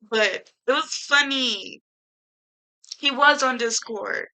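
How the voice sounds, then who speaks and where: A young woman chatting casually to her camera as a YouTuber, animated and slangy, laughing often and swearing freely. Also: high-pitched, slow, poor audio. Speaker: YouTuber reviewing a film. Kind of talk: casual chatty movie review.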